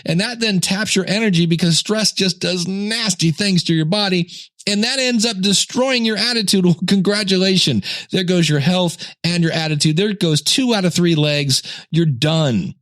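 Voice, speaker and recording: A man's voice: high voice, normal speed, fairly bright tone, no echo, clean studio sound. A middle-aged man hosting a podcast in casual talk, joking and acting out little scenes. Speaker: podcast host.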